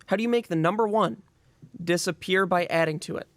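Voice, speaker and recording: A man's voice: high-pitched, a little fast, dry recording. A man co-hosting a casual podcast, rambling and trailing off mid-sentence as he chats. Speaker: podcast co-host. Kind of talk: casual chat.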